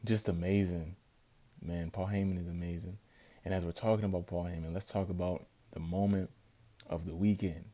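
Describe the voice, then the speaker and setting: Man, very low voice, dark and mellow tone, excitable wrestling review vlog. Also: normal speed. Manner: excitable, emphatic, animated storytelling.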